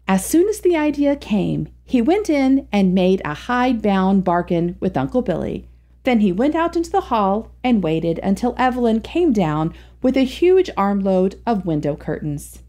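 Expressive, mellow-voiced woman storyteller. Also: mid-range voice, moderate pace. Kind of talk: reading a classic short story aloud.

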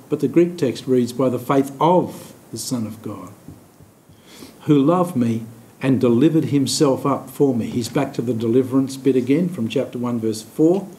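A man leading a Bible study. He explains scripture with many pauses and restarts, and slows down to stress key words. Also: warm tone. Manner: thoughtful, halting, with many fillers and restarts. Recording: echoey room with faint rumble.

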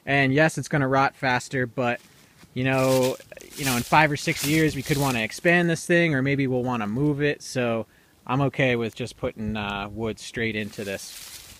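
Young man, mid-pitched, casual DIY vlogger on camera mic outdoors, soft background hiss. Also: normal speed. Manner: relaxed, rambling with fillers. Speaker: DIY video maker. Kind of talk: casual on-site explanation. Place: outdoors on rural land.

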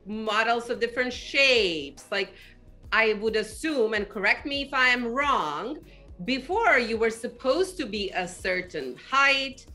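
A woman interviewer asking slow, leading questions in a casual interview. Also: a little high, animated, bright, forceful tone, faint music behind.

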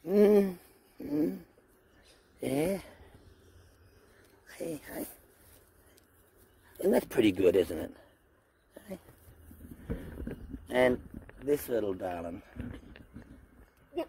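A middle-aged Australian man vlogs casually to camera outdoors among the goats on his farm, a homestead vlogger rambling earnestly with lots of fillers and restarts. His medium-pitched voice swings widely in pitch, moves slowly with frequent pauses, and sounds dark and slightly rough. The recording quality is low.

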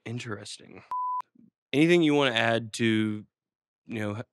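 A man hosting a comedic interview, asking odd questions in an awkward, deadpan way. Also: medium pitch, normal speed, clean tone, no echo, clean studio sound. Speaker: host.

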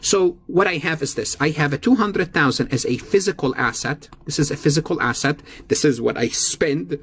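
A man's voice: on the high side, lively intonation, normal speed, fairly bright tone, slight background noise. A man teaching an accounting lecture, explaining each step and repeating key figures, with frequent small self-corrections. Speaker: accounting instructor. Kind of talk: recorded lecture.

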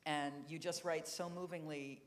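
A woman interviewer on a live event stage, asking questions with frequent pauses and fillers. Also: deep voice, fairly even intonation. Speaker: interviewer, books editor.

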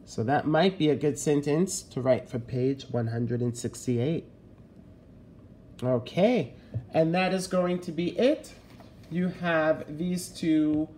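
A man's voice: a little high, lively intonation, takes it slowly, long pauses, a little mellow, a little hiss or hum. A man teaching a fifth-grade lesson in a recorded video, giving patient step-by-step instructions.

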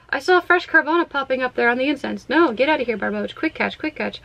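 A woman casually vlogging while she plays a phone game at home, chatty and excitable, talking to herself as she goes. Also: high voice, quick pace, creaky, few pauses, low-quality recording. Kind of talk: casual gaming vlog.

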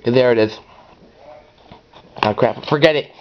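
A man giving rambling, excitable gameplay commentary as host of his own channel, now and then breaking into high yells. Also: measured pace, a little hiss or hum. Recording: dull lo-fi recording.

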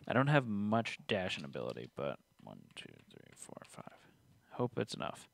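A man's voice: extremely low pitch, wildly swooping pitch, normal speed, gravelly, dry recording. A man hosting a tabletop game stream, reading rules aloud and teasing his co-player. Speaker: game host. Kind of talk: casual tabletop game play.

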